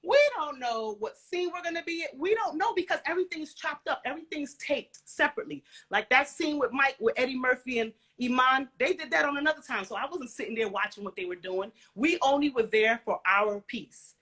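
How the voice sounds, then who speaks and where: Interview guest, woman, higher pitch and bright tone, animated storyteller with casual slang. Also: fairly quick, hardly any pauses, breathy edge. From Caribbean and Central American family background. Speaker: guest, former music video dancer.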